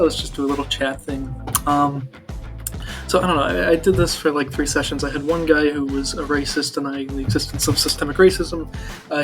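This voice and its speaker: A man vlogging in a rambling, filler-heavy, dismissive way as he recounts an online chat. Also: a little high.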